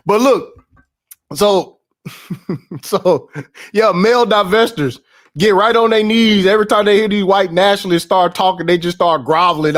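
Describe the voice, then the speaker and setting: A man's voice: high voice, normal speed, pauses often. A young man hosting a casual stream, ranting in heavy slang with lots of swearing, repeats and laughs. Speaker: podcast host. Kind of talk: casual livestream rant.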